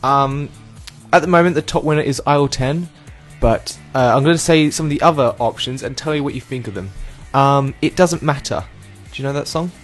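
A man's voice: mid-range voice, brisk, soft background music. Playful, rambling podcast host man. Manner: playful, rambling, lots of ums. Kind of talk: casual podcast chat.

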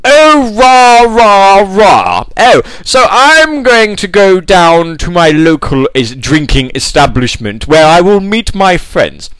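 A man's voice: high voice, sing-song, slow pace, few pauses, a bit bright, clear, resonant tone, no echo, voice pushed up, exaggerated voice, low-quality recording. A man putting on a posh, theatrical young reality-show toff with a plummy drawl. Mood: affected.

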